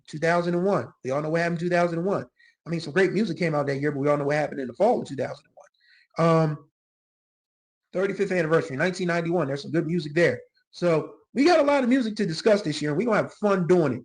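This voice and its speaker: Middle-aged guy hosting a music show, voice a bit high and scratchy, laid back and reflective. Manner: reflective, gets emotional, drawls exclamations like "whew". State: scratchy throat. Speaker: music channel host. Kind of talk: casual solo music commentary.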